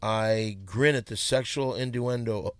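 A man's voice: medium pitch, steady tone, a little slow, no echo. A brash man hosting a comedy podcast, reading listener letters aloud. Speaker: podcast host.

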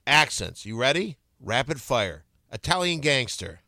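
A man hosting a casual comedic talk show who reads out prompts in a rapid-fire list. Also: mid-range voice, sing-song, pushed and bright, no echo, studio quality. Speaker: host.

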